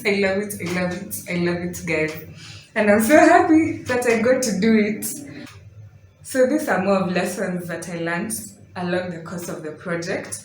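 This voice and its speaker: Slow-talking chatty woman vlogging at home. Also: medium pitch, slight background noise. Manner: chatty and excitable, laughing at her own mess. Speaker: DIY vlogger. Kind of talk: casual home vlog. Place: indoor room at home. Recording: roomy home audio with faint background.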